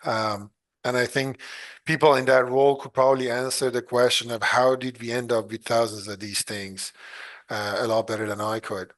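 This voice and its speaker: Man, podcast guest, casual talk, halting with fillers, easy chuckles. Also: mid-range voice, fairly even intonation, a bit bright. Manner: hesitant, many fillers and restarts. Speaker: podcast guest, clean energy engineer.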